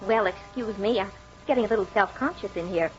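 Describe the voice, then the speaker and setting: An actress playing a sweet, gentle young bride with a soft, earnest, genteel delivery, in 1940s radio acting style, on a dull old radio recording. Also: female voice, medium pitch, brisk, music in the background, close to an everyday voice. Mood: affectionate.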